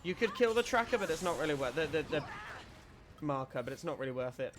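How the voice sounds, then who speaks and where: A man's voice: fairly high pitch, big pitch swings, fast talker, music in the background. Casual man explaining gameplay. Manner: explains tactics loosely, with frequent restarts. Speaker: streamer.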